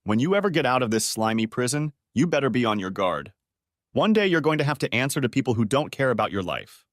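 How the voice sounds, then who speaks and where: A man voicing an angry middle-aged male judge who shouts and spits threats. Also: medium pitch, very animated, fast talker, dry recording, clean studio sound, natural voice. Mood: furious.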